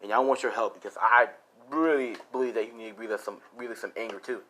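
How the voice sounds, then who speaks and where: A man's voice: medium pitch, fairly even intonation. A man doing a hot-headed angry young man. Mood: scheming. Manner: fast, aggressive, shouting. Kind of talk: improvised spoken fan story.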